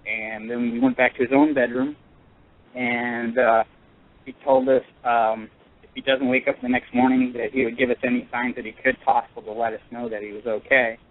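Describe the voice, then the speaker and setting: A man calling in to a radio show, telling a personal story in an earnest, halting way with many pauses and restarts. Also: mid-range voice, flat delivery. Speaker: caller. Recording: tinny phone line.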